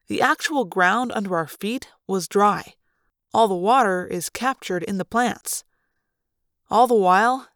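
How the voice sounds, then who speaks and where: A woman reads a novel aloud in a slow, deliberate dramatic style. Her voice sits at a middle pitch and is recorded close and dry, with no room sound. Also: no echo. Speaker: narrator. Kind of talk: audiobook reading.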